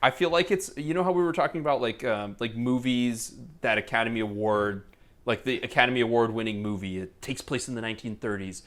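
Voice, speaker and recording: A man co-hosting a film podcast, chatting loosely and joking, with frequent laughs. He has a mid-range pitch and an easygoing, rambling delivery. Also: fairly quick, a bit bright. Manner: jokey, rambling, laughs often. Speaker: podcast co-host. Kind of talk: casual film chat. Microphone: headphones, home podcast setup.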